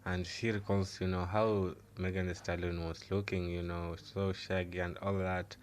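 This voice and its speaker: A man's voice: low-pitched, flat delivery, normal speed, slight background noise. A man hosting a celebrity gossip news channel, leaning heavily on filler phrases as he recaps. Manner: leans heavily on "you know" fillers. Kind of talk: news commentary.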